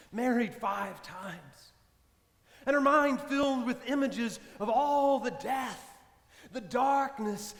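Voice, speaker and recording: A man, a priest, preaching a sermon as a slowly told story, dropping soft for dramatic moments. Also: extremely high pitch. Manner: slow, measured storytelling with soft dramatic drops. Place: church. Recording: echoey church with long reverb.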